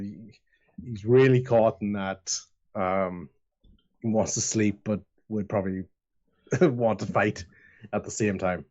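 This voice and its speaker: A man's voice: fairly low pitch, fairly even intonation, slow, pauses often, darkish tone, highs cut off. A man narrating as game master of a tabletop game, rambling with lots of fillers.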